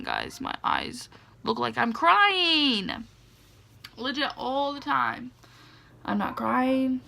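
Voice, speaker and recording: A young woman vlogging a casual storytime, her slightly high voice carrying a gravelly, fry-laden texture. She rambles along with constant fillers and quick laughs, and she sounds drowsy, yawning between stories. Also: pushed and bright, a little hiss or hum. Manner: rambling, heavy use of "like" and "legit", frequent laughs. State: sleepy, yawning.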